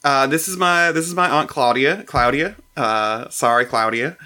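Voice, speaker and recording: A man's voice: mid-range voice, normal speed, bright, forceful tone, natural voice. A man voicing a flustered, put-upon farm owner with a Southern accent who stammers through introductions. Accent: American Southern.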